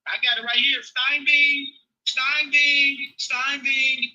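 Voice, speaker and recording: A man in a heated online debate, insistent and halting, repeating himself and filling gaps with hesitations on a video call. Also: very high-pitched, flat delivery, bright, forceful tone, lo-fi sound. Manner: insistent, interrupts with repeated "hold on", halting with many fillers.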